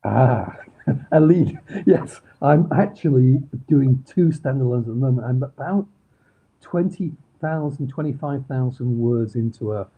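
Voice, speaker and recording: Middle-aged Manchester man, interview guest, husky and rambling, tinny video-call line. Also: medium pitch, measured pace. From Manchester, England. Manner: rambling, many ums and restarts. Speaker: crime novelist guest. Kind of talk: casual interview chat.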